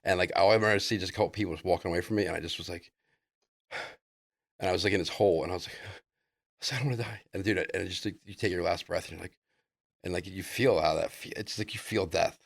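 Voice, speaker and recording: Man, very low voice, quick talker, podcast guest, rambling casual storytelling. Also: gravelly, dry recording. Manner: loose, excitable, full of "like" and "dude".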